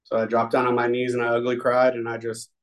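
A man's voice: medium pitch, completely flat delivery, fast talker, rough recording. A man giving a personal testimony at a recovery meeting, talking in an earnest, confessional and rambling way with many fillers. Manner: rambling and conversational, full of fillers.

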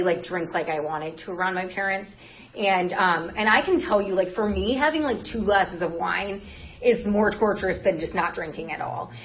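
A young adult woman sharing her story at a recovery meeting, rambling with many "like" and "um" fillers. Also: medium pitch. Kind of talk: personal testimony at a meeting. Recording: tinny phone-like recording.

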